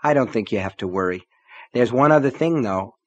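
A man voicing a middle-aged woman in chronic pain who speaks carefully and teases gently. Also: mid-range voice, animated, fairly quick, dull audio, lightly acted. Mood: fond.

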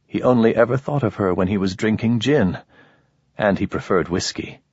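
A man reading a novel aloud in steady, even scripted narration. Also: fairly low pitch, normal speed, slightly rough, no echo, dull audio. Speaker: audiobook narrator.

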